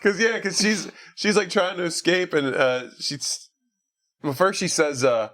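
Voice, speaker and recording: A man's voice: on the high side, normal speed, fairly bright tone. Man casually recapping a movie. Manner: rambling recap with acted-out quotes and laughs. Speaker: podcast host.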